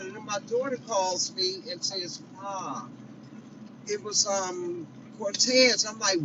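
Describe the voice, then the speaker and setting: A woman's voice: medium pitch, takes it slowly. A middle-aged woman calling in from her car, retelling events dramatically and emotionally. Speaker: caller. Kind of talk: casual storytelling on a call. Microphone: phone call. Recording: muffled distant call with crowd noise.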